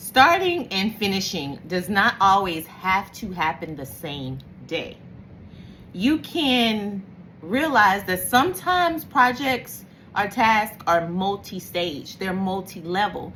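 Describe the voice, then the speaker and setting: Animated woman giving a reflective talk. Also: mid-range voice, slight background noise. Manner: animated, acts out her own thoughts in voices. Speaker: host.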